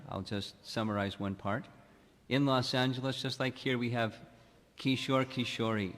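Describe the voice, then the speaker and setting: Measured male monk in reverberant hall. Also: medium pitch. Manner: slow, measured, with long pauses. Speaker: monk giving a spiritual lecture. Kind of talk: devotional lecture.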